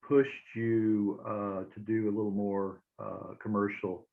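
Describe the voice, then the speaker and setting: Low-voiced man on a tinny line. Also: flat delivery, measured pace, creaky. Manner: hesitant, many fillers. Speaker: interview host. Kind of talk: casual interview.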